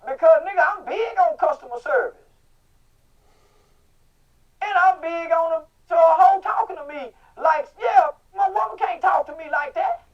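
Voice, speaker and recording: Guest spot: high-voiced, middle-aged man, brash and shouty, on a muffled far-off mic. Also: normal speed. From Texas. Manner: loud, profane, bursts into shouting. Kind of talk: casual interview. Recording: muffled audio from a distant mic.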